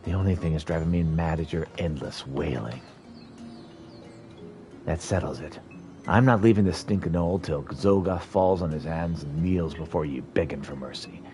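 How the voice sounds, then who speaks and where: A man's voice: rumbling low, moderate pace, over music. A man voicing a brash, blunt warrior woman in a game, scolding in folksy slang. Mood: scornful.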